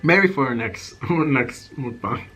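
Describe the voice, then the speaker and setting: A man talks easily while he eats, chatty and candid, letting thoughts trail off between bites. His voice sits at an ordinary middle pitch. Faint street noise drifts in from outside the apartment. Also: lively intonation, slow, a bit bright. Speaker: ASMR and vlog creator. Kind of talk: casual chat while eating, mukbang. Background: faint outside noise of passing cars.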